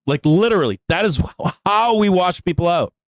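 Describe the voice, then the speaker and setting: Male live-stream market host, profane and pleading, raised pitch, dead-dry sound. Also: expressive, moderate pace, no room sound. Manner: exasperated, profane, pleading with viewers, laughs often. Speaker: stock trading show host. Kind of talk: live trading show rant.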